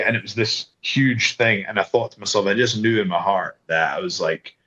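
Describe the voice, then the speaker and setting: A man's voice: lowish voice, steady tone, normal speed, few pauses, pushed and bright. A man being interviewed as a guest wrestler, telling stories casually and acting out quoted voices with frequent restarts. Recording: slightly dull lo-fi sound.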